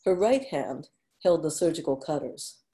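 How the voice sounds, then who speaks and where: Female story narrator, measured and unhurried; low, mellow tone. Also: lively intonation. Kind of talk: story reading.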